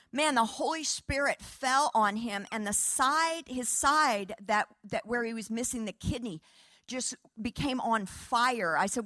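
Woman preacher telling a lively testimony. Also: a little high, no echo. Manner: animated, laughing, quoting dialogue. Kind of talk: sermon testimony storytelling.

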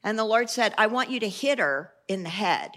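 A woman preaching a sermon, reading scripture and telling stories in a conversational, animated way with asides and restarts. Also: medium pitch, normal speed.

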